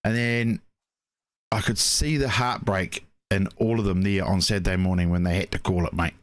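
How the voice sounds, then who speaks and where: A man's voice: deep voice, steady tone, moderate pace, dry recording. Rambling New man, dry mic. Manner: rambling storytelling with many "mate, you know". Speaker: racing show co-host. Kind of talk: casual chat.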